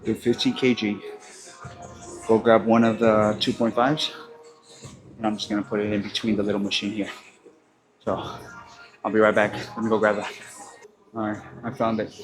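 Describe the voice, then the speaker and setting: A man with a lowish voice talks through his workout in a gym, chatty and casual, dropping swear words as he goes. He sounds slightly winded between sets, with clear music playing behind him. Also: rough recording. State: a little out of breath between sets. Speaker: fitness vlogger. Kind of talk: casual gym vlog commentary.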